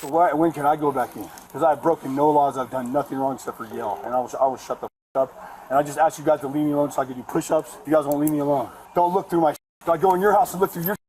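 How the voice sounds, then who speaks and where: A man's voice: fairly high pitch, fairly even intonation, rapid-fire, low-quality recording. A man in his forties, swearing and pleading with police in erratic outbursts, caught outdoors on a body camera. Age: 40s. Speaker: detained man. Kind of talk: bodycam footage. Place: outdoors at an apartment. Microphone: officer's body camera.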